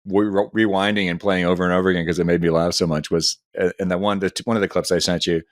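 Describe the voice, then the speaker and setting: A man's voice: sits low, level tone, quick pace, dry recording, clean studio sound. A man co-hosting a casual film review podcast, enthusiastic and laughing often as he talks. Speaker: podcast co-host.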